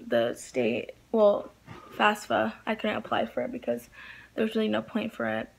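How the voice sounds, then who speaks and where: A woman's voice: mid-range voice, sing-song, normal speed, gravelly. A young woman vlogging casually into her phone, rambling and hesitant with many fillers, sounding sick and down. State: feeling sick and down. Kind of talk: casual vlog chat.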